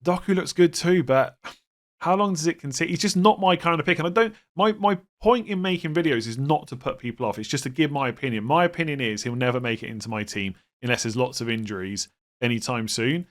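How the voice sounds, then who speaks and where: A young man hosting a fantasy football channel, talking casually in an animated, opinionated way, often restarting his sentences. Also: medium pitch, a little fast.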